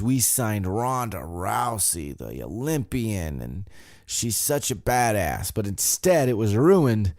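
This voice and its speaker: A man's voice: lowish voice, mellow, no room sound, studio quality. A man hosting a podcast, recapping a wrestling show in a loose, rambling way, swearing casually and admitting he forgets details. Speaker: podcast host.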